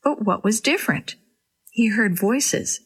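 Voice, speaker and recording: A woman's voice: a little high, animated, unhurried, breathy edge. Woman reading a children's story.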